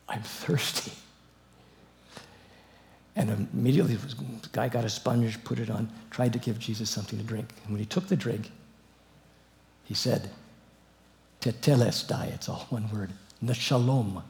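Older man, bible lecture, scholarly, hushed then suddenly loud and emphatic, mid-pitched voice. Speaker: Bible teacher.

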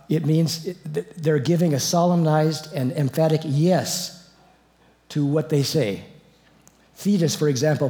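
An older male Bible teacher gives an expository lecture that is scholarly and prone to digression. His medium-pitched voice ranges from hushed reading to loud, emphatic exclamations.

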